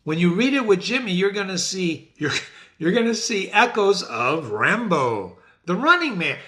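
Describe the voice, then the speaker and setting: Man, middle-aged, literature host, high voice, lively swooping delivery, theatrical. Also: moderate pace. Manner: animated, theatrical, addresses viewers as ladies and gentlemen. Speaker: literature teacher and website host. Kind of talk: enthusiastic talk to camera.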